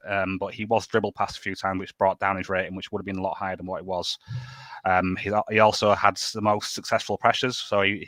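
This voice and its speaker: A man's voice: on the low side, a bit bright, no echo. A man giving a methodical, stat-heavy football analysis, with lots of ums. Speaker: panelist.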